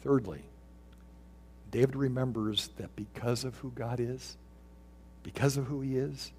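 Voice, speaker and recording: A man's voice: mid-range voice, fairly even intonation, measured pace, pauses often, mellow, a little hiss or hum. A middle-aged man preaching an earnest sermon as pastor, reading scripture and quotations aloud.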